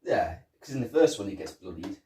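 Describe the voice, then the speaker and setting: A man co-hosting a casual film review podcast, talking in halting, animated bursts. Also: low voice, far from the mic, slight background noise. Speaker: podcast co-host. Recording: roomy, off-mic.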